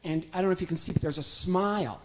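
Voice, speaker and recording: A man's voice: sits high, fast talker. A man performing family-friendly stand-up as a ventriloquist. He talks in a chatty, playful way and often pokes fun at himself, with a faint hum of noise behind him. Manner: chatty, self-deprecating, playful. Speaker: ventriloquist comedian.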